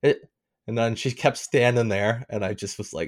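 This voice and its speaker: A man co-hosting a podcast, telling a story in a casual, animated way, swearing and getting worked up. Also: moderate pace. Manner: animated storytelling, swearing, rising in pitch when riled. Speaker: podcast co-host. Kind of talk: casual chat.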